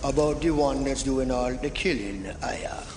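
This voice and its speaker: An actor playing a calm, menacing mystic Jamaican gang boss, speaking with a Jamaican accent in slow, ominous, drawn-out lines. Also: male voice, mid-range voice, natural voice. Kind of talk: film dialogue. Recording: echoey film soundtrack with loud music.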